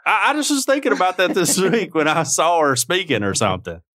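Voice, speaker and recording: A man's voice: high-pitched, huge pitch swings, a little fast, fairly bright tone, no echo. A man co-hosting a casual podcast chat, joking and chuckling through his remarks into a close mic. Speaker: podcast co-host.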